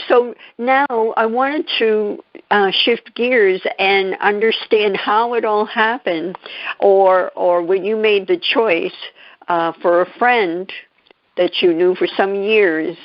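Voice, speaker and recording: A woman hosting a radio interview, halting and searching for words in a gentle way. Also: mid-range voice, no room sound, lo-fi sound. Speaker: radio show host.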